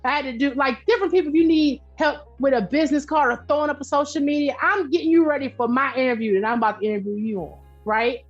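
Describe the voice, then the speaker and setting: A middle-aged woman, a podcast guest and entrepreneur, talking in a loud, direct, animated way and telling stories with laughs. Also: high-pitched, quick pace, hardly any pauses, faint music behind. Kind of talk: casual interview chat. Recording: dull lo-fi sound.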